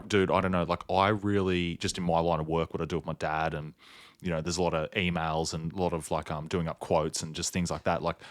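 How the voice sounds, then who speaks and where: A man hosting a podcast, talking casually in halting bursts and swearing. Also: deep voice, dry recording. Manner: halting, lots of fillers and restarts, swears. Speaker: podcast host. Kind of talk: casual chat.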